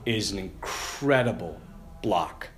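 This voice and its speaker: A man voicing a calm, commanding older football coach who teaches his players a hard lesson. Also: sits low, takes it slowly, voice pushed down. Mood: stern. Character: stern, shrewd older male football coach.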